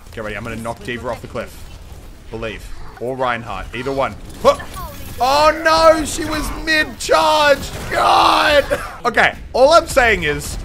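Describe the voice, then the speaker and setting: A young man calls out his game in excitable, swearing commentary, now and then shouting at the screen. His voice sits high and swings widely. Faint game music plays under him. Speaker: gaming channel host. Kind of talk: live gameplay commentary.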